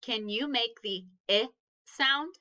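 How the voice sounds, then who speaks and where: A woman's voice: fairly high pitch, takes it slowly, bright, forceful tone. A woman teaching a phonics lesson to children, patiently sounding out each letter and praising answers.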